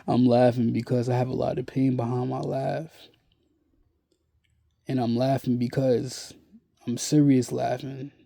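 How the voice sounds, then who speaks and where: A weary man talks to camera at a slow crawl, his voice gravelly and very dark. His delivery is flat and halting, full of restarts and blunt swearing. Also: medium pitch. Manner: blunt and profane. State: weary and worn out. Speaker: vlogger. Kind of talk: casual monologue to camera.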